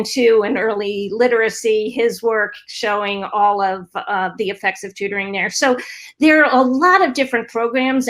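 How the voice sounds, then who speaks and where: A woman's voice: medium pitch, fairly bright tone. A woman speaking on a panel about tutoring research, explaining fluently with a few fillers. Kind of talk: panel discussion.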